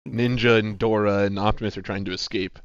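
Male contestant, low voice, crude enthusiastic banter, dry muffled recording. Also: fairly even intonation, a little fast, no room sound. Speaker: game show contestant. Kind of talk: casual banter during a game. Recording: dull, dry lo-fi mic.

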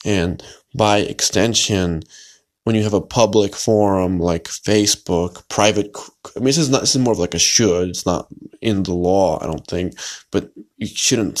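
A man hosting a solo podcast, talking in a rambling, hesitant way with many fillers and restarts. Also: low-pitched. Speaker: podcast host.

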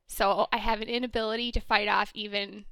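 A woman in her thirties co-hosting a casual podcast, animated and swearing freely, often laughing and acting out other people's lines. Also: medium pitch, a little fast, vocal fry. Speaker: podcast co-host.

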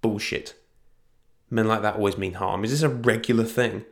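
A man's voice: lowish voice, steady tone, normal speed, vocal fry. A man voicing a fierce, blunt female ranger who snarls threats. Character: fierce young woman ranger, blunt and sharp-tongued.

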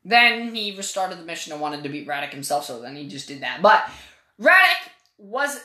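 Woman podcaster, bright forceful voice, swears casually while reviewing a game. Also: low-pitched, sing-song, moderate pace. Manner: opinionated, profane, rambling. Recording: echoey room.

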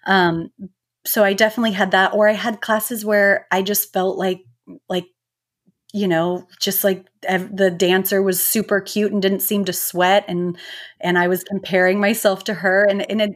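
A woman in her thirties, a mindfulness teacher, talking as a guest in a relaxed, reflective way with lots of filler words. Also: medium pitch, normal speed. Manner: reflective, gentle, many filler "likes". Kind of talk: casual interview talk.

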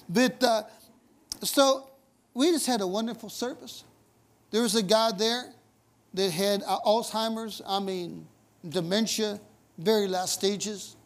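A man's voice: high-pitched, vocal fry. A man preaching a sermon in a conversational, folksy way, telling stories with emphatic asides. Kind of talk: storytelling sermon.

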